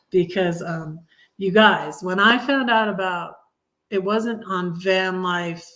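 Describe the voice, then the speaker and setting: A woman's voice: lowish voice, slow, a bit bright. A middle-aged woman hosting a livestream, telling a personal story in a rambling, chatty way and talking straight to her viewers. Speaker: livestream host.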